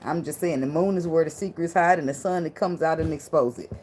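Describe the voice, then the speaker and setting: A woman's voice: sits low, brisk, background noise. A woman giving a casual tarot reading in loose slang, blunt and profane, with a lot of laughter. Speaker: tarot reader.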